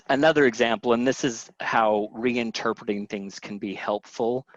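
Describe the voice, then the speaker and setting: In dry, dull, lo-fi webinar audio with no room sound, a middle-aged Southern American man leads a family health session. He's a chatty storyteller who cuts himself off, restarts sentences and acts out quotes. His medium-pitched, slightly bright voice has fairly even intonation and a measured pace.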